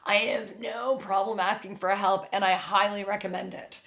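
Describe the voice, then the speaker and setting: A woman guest on a podcast speaking frankly and upbeat, animated when telling stories. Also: medium pitch, normal speed, crowd noise. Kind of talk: casual conversation.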